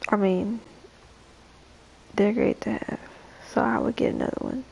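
A young woman chatting casually on a late-night livestream, drowsy and slow, her voice low and gravelly tonight. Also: steady tone, a little mellow, low-quality recording.

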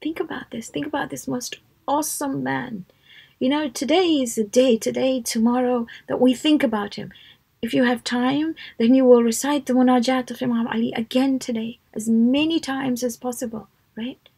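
Hushed, husky woman telling a story. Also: high-pitched, fairly even intonation, normal speed. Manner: soft, hushed, often dropping to a whisper; earnest, emphatic storytelling. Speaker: teacher of a children's religious class. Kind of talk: storytelling lesson. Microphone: live online talk.

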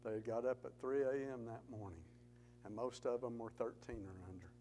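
A man's voice: medium pitch, fairly quick, warm tone, a little hiss or hum, low-quality recording. A man giving an earnest testimony talk in church, telling stories with rising emphasis. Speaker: Gideons speaker at church.

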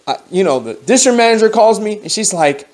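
Guy preaching his testimony at a house fellowship, kinda high voice, slangy and lively, acts out everybody's lines. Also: fairly quick. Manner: animated, slangy storytelling, acting out dialogue. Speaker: lay preacher. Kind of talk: testimony sermon. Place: home fellowship gathering.

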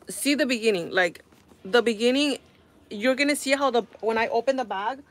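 Young woman, live-stream host, bit high-pitched, exasperated and chatty with viewers. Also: normal speed. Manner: exasperated, animated, talks to viewers. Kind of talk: casual live-stream chat.

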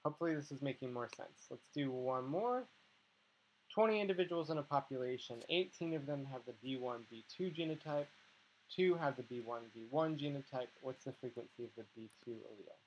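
A man's voice: mid-range voice, brisk, a little hiss or hum. Patient man explaining step by step, dull sound. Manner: patient, explains step by step, checks in with "okay" and "right". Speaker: biology instructor. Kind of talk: tutorial walkthrough.

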